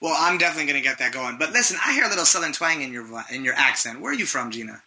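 A man hosts a talk radio interview with a bright, forceful voice pitched somewhat high. He keeps things upbeat and promotional, plugging websites for his listeners. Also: expressive, rapid-fire.

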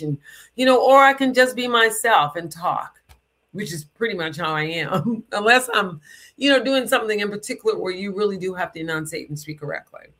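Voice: medium pitch, lively intonation, brisk, pushed and bright. Emphatic speaker in a loose spiritual talk. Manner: emphatic, stretches words for stress; conversational, loose, with asides. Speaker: spiritual teacher.

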